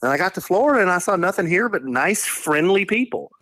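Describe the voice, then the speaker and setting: A man's voice: sits high, expressive, fairly quick, fairly bright tone, dry recording. A man from Texas co-hosting a podcast while calling in, chatting in an easygoing, joking way. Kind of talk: casual chat.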